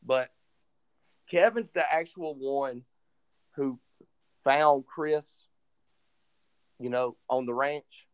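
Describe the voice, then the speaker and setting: Guy on a podcast telling a story, gets animated, voices the people he quotes. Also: mid-range voice, very slow, long pauses, clean tone. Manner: animated retelling, acts out quoted dialogue. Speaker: podcast co-host. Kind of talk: casual storytelling chat.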